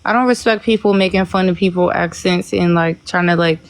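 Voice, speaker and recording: A woman's voice: lowish voice, fairly even intonation, a little fast. A woman in heated casual chat on a group livestream, exasperated and profane.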